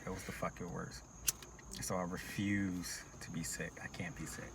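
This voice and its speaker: A man co-hosting a podcast in casual chat, telling stories in animated, profane slang. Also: low voice, moderate pace, creaky. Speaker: podcast co-host. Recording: noisy background.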